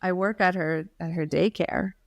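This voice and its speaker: A woman co-hosting a podcast, telling stories in a casual, animated way with quick asides. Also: on the low side, creaky, no echo. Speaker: podcast co-host. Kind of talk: casual chat.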